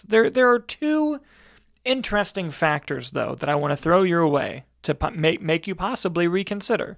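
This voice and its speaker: Gravelly man in casual podcast chat. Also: high voice, lively intonation, normal speed, a bit bright, no room sound, studio quality. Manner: candid, profane, joking. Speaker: podcast co-host.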